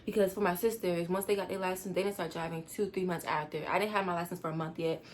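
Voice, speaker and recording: Rushed, upset teen girl telling a story. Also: lowish voice, steady tone, slight background noise. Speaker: vlogger. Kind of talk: storytime vlog.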